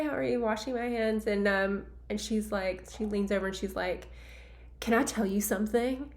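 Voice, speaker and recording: Chatty woman recounting a memory. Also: medium pitch. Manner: chatty, many fillers, acts out remembered dialogue. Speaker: former arena event staffer telling a memory. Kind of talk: casual personal storytelling over photos.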